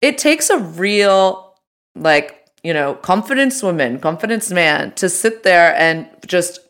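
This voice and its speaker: A woman's voice: fairly low pitch, expressive, slow pace, fairly bright tone. A woman co-hosting a podcast, chatting casually with lots of fillers and restarts. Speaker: podcast co-host. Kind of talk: casual chat.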